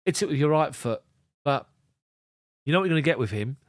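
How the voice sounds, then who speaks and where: A man's voice: a little high, animated, brisk, no room sound, studio quality. A man giving casual live football commentary from a fan's point of view, chatting to his viewers and reading out their messages. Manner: chatty, rambling, addresses viewers by name.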